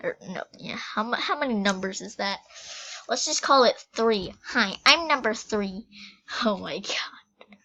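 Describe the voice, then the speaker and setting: A woman giving playful, excitable commentary to herself as she plays a game, reacting loudly and trailing off into whispers. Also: high-pitched. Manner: giddy, playful, talks to herself while playing. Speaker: game vlogger. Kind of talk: casual gameplay commentary.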